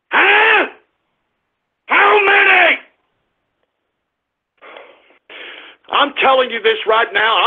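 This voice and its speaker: A super high gravelly voice, raging cursing ranter, tinny phone line sound. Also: male voice, exaggerated voice. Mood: furious. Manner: shouting, cursing, exasperated ranting. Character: furious squeaky-voiced man ranting at his audience. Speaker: radio show host.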